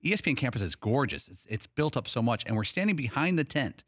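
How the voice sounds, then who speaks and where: Male co-host, rapid vivid recollection, dry close mic. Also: medium pitch, sing-song, fairly bright tone, no echo. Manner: vivid scene-setting recollection. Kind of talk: casual chat.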